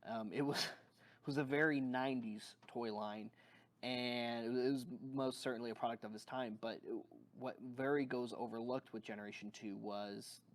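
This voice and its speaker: A man reviewing a toy on video, talking in a rambling, enthusiastic fan manner with lots of fillers and restarts. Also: medium pitch.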